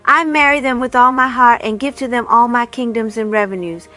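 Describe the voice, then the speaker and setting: A woman voicing a foolish old male king who speaks in a loud, exuberant way. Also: fairly high pitch, fairly quick, faint music behind. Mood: jubilant.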